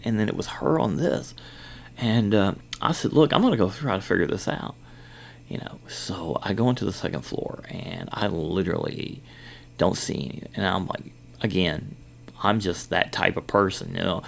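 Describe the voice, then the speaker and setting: A man's voice: lowish voice, creaky. A middle-aged man hosting a podcast, rambling through a personal story with lots of fillers and retold dialogue. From Kentucky. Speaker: podcast host. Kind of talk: casual storytelling.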